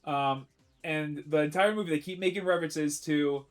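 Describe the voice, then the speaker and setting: A man with a slightly higher-than-usual voice talks casually on a live stream. He rambles, restarts his sentences and argues his opinions firmly, with faint music playing behind him. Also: normal speed. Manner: rambling, self-correcting, opinionated.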